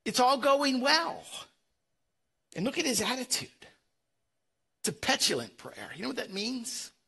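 Bright, husky-voiced preacher man. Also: very high-pitched, very animated, unhurried. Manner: emphatic preaching with frequent stammered repeats. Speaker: pastor. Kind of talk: sermon.

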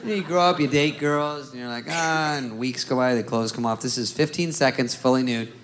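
A man's voice: medium pitch, fairly quick. A man doing a stand-up routine, acting out the people in his stories. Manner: animated, acts out characters, laughing. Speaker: stand-up comedian. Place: comedy club stage. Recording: loud crowd and noise of a live club.

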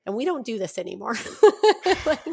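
A young adult woman telling her own story as a podcast guest, chatty, with lots of fillers and quick laughs. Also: lowish voice. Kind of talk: casual storytelling in an interview.

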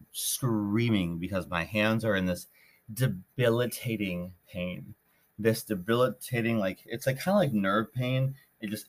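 A man's voice: lowish voice, fairly bright tone. A man hosting a podcast, telling a story in a rambling, casual way with many restarts. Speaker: podcast host.

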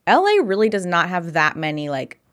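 A woman's voice: lowish voice, sing-song, a bit bright. Enthusiastic young woman podcast co-host. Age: young adult. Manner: enthusiastic, quick agreeing interjections. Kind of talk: casual chat.

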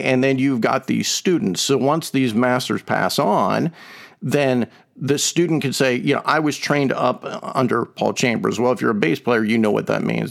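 Teaching on scripture as co-host of a Bible discussion podcast, a man speaks in a gravelly, medium-pitched voice. He is conversational yet emphatic, leaning on fillers and analogies drawn from music.

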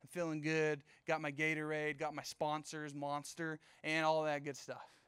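A man's voice: fairly high pitch, monotone, moderate pace, fairly bright tone, smooth, no echo, studio quality. A young man preaching as a youth pastor, casual and storytelling, with playful asides. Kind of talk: youth sermon.

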